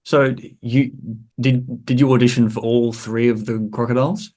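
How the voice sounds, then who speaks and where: A man hosting a podcast, asking questions in a halting way with repeated words. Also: medium pitch, fairly even intonation, darkish tone. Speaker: podcast host and interviewer. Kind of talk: interview questions.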